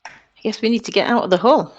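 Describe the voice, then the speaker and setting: A woman playing in a tabletop game, making quick, wry remarks at the table. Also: on the high side. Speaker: player. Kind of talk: casual game table chat. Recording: dull lo-fi mic.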